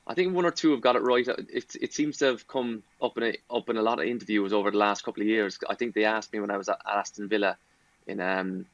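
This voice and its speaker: Laid-back man in his thirties, low voice. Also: quick pace, no echo, highs cut off. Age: 30s. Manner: laid-back, laughs easily, hesitant. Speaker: guest footballer. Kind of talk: casual podcast chat.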